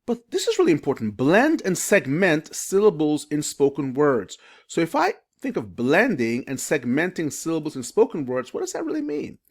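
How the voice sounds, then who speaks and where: A reading teacher speaking to parents in an educational video, asking questions and slowly sounding out letters and syllables. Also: medium pitch, huge pitch swings. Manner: sounds out phonics slowly and asks the viewer questions.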